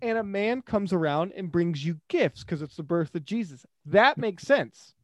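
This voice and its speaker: A man co-hosting a podcast in casual chat, animated and joking, quick to jump in. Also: high voice, no room sound. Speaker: podcast co-host.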